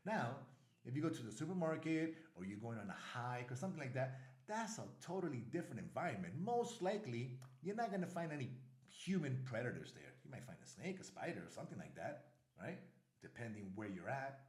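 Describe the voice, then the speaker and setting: A man's voice: medium pitch, sing-song, brisk, a little mellow, reverberant. A middle-aged man with a New York accent, speaking bluntly to camera and repeating his warnings for emphasis. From New York, USA. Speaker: travel vlogger. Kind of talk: casual direct-to-camera warning talk.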